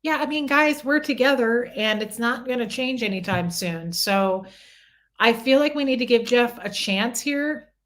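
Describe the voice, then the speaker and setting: A woman's voice: a little high, unhurried, a bit bright. A middle-aged woman hosting a casual livestream, chatting and answering viewer comments by name. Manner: coos baby talk at her small dog.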